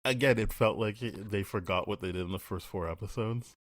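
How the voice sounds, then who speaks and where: A man's voice: lowish voice, fairly quick, no room sound. A man co-hosting a podcast, chatting casually and bluntly, swearing freely and acting out characters' lines. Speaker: podcast co-host. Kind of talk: casual spoiler review chat.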